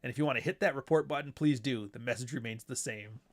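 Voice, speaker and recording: A man's voice: mid-range voice, fast talker. A man hosting his own show in a casual monologue, blunt and profane, who now and then mocks others in put-on voices. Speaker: show host.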